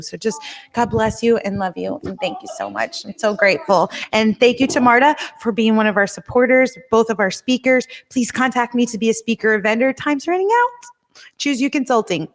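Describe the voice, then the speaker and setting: A woman's voice: fairly high pitch, brisk. A woman guest in casual chat, bubbly and openly emotional. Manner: bubbly and emotional, sings a bit off the cuff.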